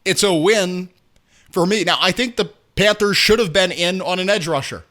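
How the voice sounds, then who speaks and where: A man hosting sports talk, ranting with sarcastic energy. His voice sits high and sounds bright and forceful. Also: normal speed. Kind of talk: opinionated sports commentary.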